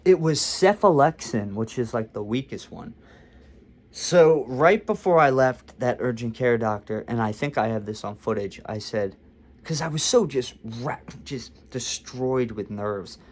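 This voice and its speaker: A man's voice: mid-range voice, animated, a little slow. A young man vlogging a casual storytime, talking candidly and confessionally about his own experience.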